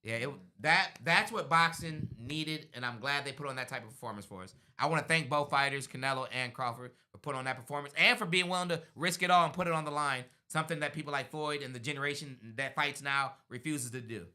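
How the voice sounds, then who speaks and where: A man hosting a casual sports talk livestream, animated and chatty. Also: medium pitch, fast talker, hardly any pauses. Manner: animated, says "bro" and "you know what I'm saying". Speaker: sports show host.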